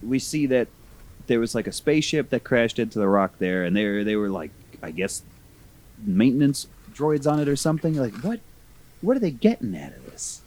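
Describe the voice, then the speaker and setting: A man's voice: medium pitch, moderate pace. A man filling in as guest on a casual podcast, riffing with jokes and pop-culture comparisons. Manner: animated, jokey, mimics characters. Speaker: guest co-host. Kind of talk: casual review chat.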